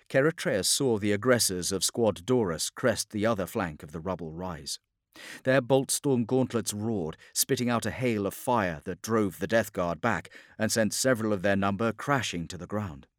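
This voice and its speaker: A man narrating a war story as a scripted audiobook, in a steady, dramatic storytelling delivery. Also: lowish voice, moderate pace, no room sound, clean studio sound.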